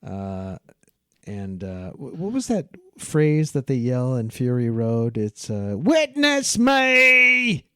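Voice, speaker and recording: A man's voice: mid-range voice, expressive, slow, mellow, smooth, no room sound. A joking man with a Midwestern American accent, talking as a podcast guest. His voice sits in a middle register. The sound is close and dry, with no room around it. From Midwestern United States. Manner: playful, joking, many restarts. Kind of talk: casual chat.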